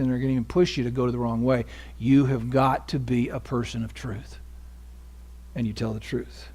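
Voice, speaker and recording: A man preaching a sermon as pastor, dropping to hushed asides and rising to loud emphasis, often asking the congregation questions. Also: medium pitch. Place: church sanctuary.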